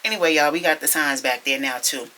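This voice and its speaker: A young woman chatting to her viewers at home, telling a story in an animated, gossipy way and calling them y'all. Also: low voice, fast talker, a little hiss or hum. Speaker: vlogger. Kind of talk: casual chatty vlog storytelling. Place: at home, indoors.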